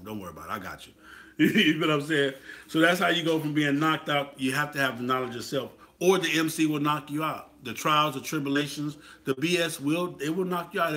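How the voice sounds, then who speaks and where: A man's voice: medium pitch, pushed and bright. A man giving a casual motivational talk about motorcycle clubs, preachy and repetitive, often checking in with the listener. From Atlanta, US. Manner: preachy, repetitive, asks "you feel what I'm saying?". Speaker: motorcycle club talk host.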